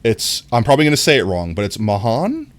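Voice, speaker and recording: Young male streamer, low voice with a bouncy up-and-down delivery, rambling, chatty, self-correcting, casual gameplay talk. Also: a little fast. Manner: excitable when greeting viewers. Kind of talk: casual gaming livestream chat.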